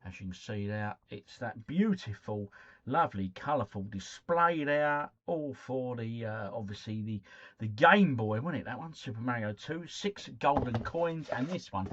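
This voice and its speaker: A man's voice: mid-range voice, expressive, unhurried, fairly bright tone, highs cut off. Chatty man hosting a live stream. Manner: chatty, reads out viewer comments and greets them by name. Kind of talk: casual live stream chat. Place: at home, drinking cider.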